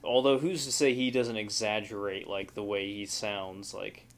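A man's voice: lowish voice, flat delivery, normal speed. A man co-hosting a casual chat, rambling and filling his sentences with "like". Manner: rambling, heavy use of filler "like". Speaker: podcast co-host.

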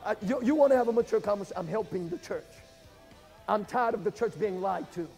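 A man preaching a sermon as pastor, swinging between emphatic shouts and hushed, low passages. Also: animated, brisk, gravelly, faint music behind. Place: church.

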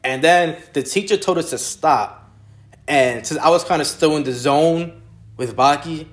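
A young adult man telling a personal story in a casual, animated way. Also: a little high, measured pace. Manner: animated storyteller, laughs easily.

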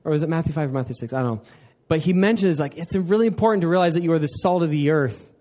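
A man's voice: a little high, very fast, dark tone. A young man preaching a sermon as pastor, conversational and self-deprecating, asking the congregation questions and joking.

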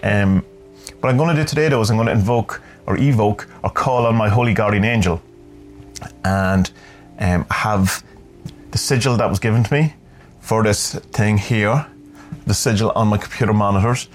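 A man's voice: on the low side, moderate pace, faint music behind. A man hosting a podcast, talking in a rambling, thoughtful way and often searching for his words. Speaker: podcast host. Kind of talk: reflective spoken vlog.

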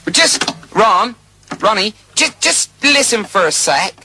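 A man's voice: sits high, sing-song, slow, a crowd in the background. A man in an archival studio recording, exasperated, coaching a bandmate through a rhythm.

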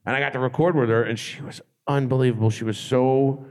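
A man on a convention panel telling funny backstage stories, excitable and laughing, with casual swearing. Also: medium pitch, quick pace. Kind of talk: animated anecdote telling.

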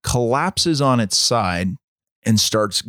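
A man co-hosting a podcast, telling a story in a measured, dramatic way. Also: medium pitch, expressive, fairly bright tone, no echo, clean studio sound. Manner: measured, dramatic storytelling, acts out quoted voices. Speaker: podcast co-host. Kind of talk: storytelling in casual chat.

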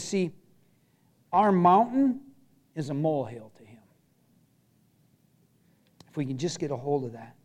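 Earnest pastor with a high, mellow voice. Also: male voice. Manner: earnest, repeats short phrases, swings from loud emphasis to hushed. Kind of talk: sermon.

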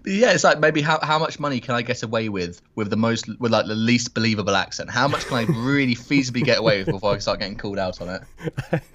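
A British man talks fast as a podcast guest, polite and chatty with frequent ums and uhs. His voice comes through a slightly muffled, lo-fi line. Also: medium pitch, fairly bright tone. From Britain. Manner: quick, chatty, filler-heavy, polite. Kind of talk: casual chat.

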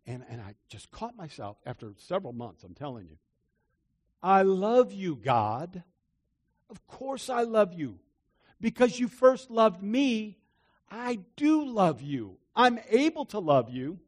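An older man with a husky, slightly high voice preaches from personal experience. His pitch rises and falls widely as he repeats phrases with earnest conviction, dropping to near-hushed confession and then climbing back to emphatic declaration. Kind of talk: testimony-style sermon.

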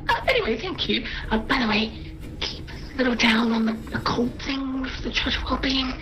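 Woman player, chatty, flustered, somewhat high voice, very lively. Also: a little fast, low-quality recording. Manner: chatty, self-mocking, flustered. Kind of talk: casual tabletop play, partly in character.

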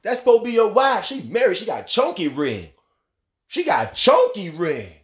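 A man hosting a radio talk show, delivering a profane, preachy rant with mocking rhetorical questions. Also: high voice. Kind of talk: casual monologue rant.

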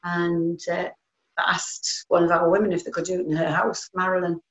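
A woman's voice: on the low side, little pitch movement, moderate pace. An older woman with a North East English accent, recalling the past in an earnest, plain-spoken way with frequent hesitations. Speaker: interviewee. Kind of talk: personal recollection. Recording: roomy, slightly dull recording.

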